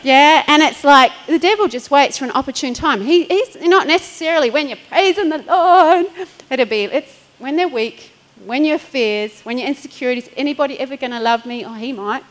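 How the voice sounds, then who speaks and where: A woman's voice: high-pitched, normal speed, hardly any pauses, poor audio. Chatty woman pastor preaching. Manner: chatty storytelling with laughter and acted-out quotes. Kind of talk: sermon.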